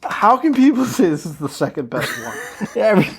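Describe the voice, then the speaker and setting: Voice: medium pitch, big pitch swings, brisk, slightly rough. A podcast co-host in casual chat, bluntly complaining about a film, with frequent swearing. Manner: blunt, exasperated, profane. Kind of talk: casual movie review chat.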